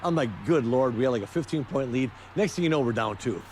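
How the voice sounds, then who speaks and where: A man, a former basketball player, telling an anecdote in an interview, relaxed and acting out the quotes. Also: mid-range voice, quick pace, slight background noise. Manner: relaxed storyteller, acts out quotes.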